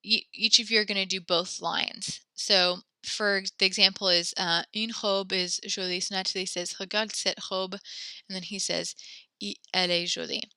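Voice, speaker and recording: Bright-voiced woman teaching French. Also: mid-range voice, flat delivery, moderate pace, clear, resonant tone, dry recording, studio quality. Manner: encouraging, praises students often; walks through conjugations step by step. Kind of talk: online class teaching.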